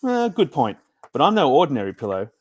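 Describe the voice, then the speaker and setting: A man's voice: a little high, huge pitch swings, a little fast, a little mellow. A man voicing a cheeky, joking male pillow lion in a storybook reading. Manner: playful, joking.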